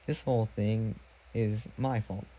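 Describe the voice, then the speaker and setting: A man's voice: on the low side, steady tone, measured pace, muffled recording, lightly acted. A man reading a sly villainous man who hisses threats and puts on fake sorrowful politeness. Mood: falsely sorry.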